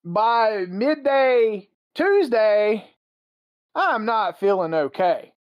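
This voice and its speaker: A man hosting a podcast, telling a story in a casual, profane and animated way. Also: sits high, extremely slow, smooth. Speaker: podcast host. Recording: slightly muffled with faint music.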